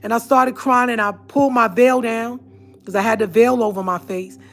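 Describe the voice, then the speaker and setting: A woman's voice: fairly high pitch, fairly even intonation, normal speed. A woman telling a personal story to her viewers, speaking in an earnest, emphatic way. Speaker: vlogger.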